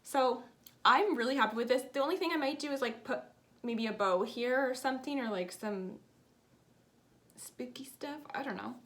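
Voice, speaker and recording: A woman's voice: high voice, normal speed, a bit bright. Chatty woman vlogging about stitching. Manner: chatty, rambling, self-deprecating. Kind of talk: casual chat.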